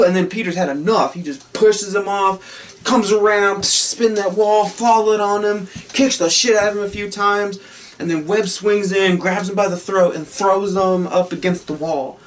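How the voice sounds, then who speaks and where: Excited, profane man reviewing a film. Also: high-pitched, recorded from a distance. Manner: excited, profane, laughing often.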